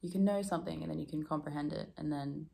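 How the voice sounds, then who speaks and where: A woman's voice: low voice, quick pace, gravelly, mellow. A woman vlogging at home in a rambling, self-deprecating casual chat, often laughing. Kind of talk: casual reflective vlog chat. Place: room at home.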